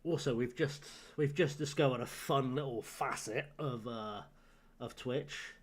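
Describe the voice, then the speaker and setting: A young man talks over a live game stream in a voice of middling pitch. He fires off dry, sardonic jokes at his chat, liberally peppered with swearing. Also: a little slow. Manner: sardonic, profane joking to chat.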